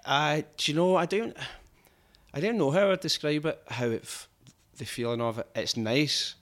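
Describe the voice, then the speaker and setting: A man's voice: a little high, normal speed, fairly bright tone. A man with a strong Glaswegian accent chatting casually on a podcast, swearing freely and rambling through anecdotes. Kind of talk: casual chat.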